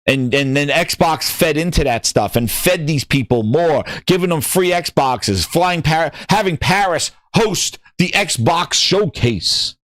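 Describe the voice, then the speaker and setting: A man runs a gaming news show, and he is angry about it, swearing and tripping over his words as he rants. His voice sits a little high. It comes across dry and close, with no room sound. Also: lively intonation, slow pace, hardly any pauses, a bit bright, no room sound. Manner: heated, swearing, repeats words when worked up. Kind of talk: ranting commentary.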